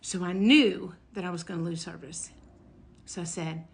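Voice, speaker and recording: A woman telling a personal story in a casual, animated way, leaping up in pitch when excited and dropping to a hush for tense moments. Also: normal speed, creaky. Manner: animated, jumps high and loud when quoting her own excitement; drops to a hush or whisper for dramatic moments.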